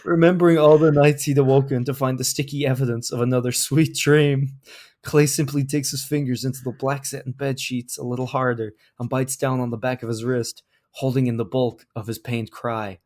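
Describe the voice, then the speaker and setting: Man, podcast co-host, reads racy fan fiction aloud, cracks up mid-sentence, middle-pitched voice. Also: fairly even intonation, fairly quick, a little mellow. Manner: breaks into laughter while reading.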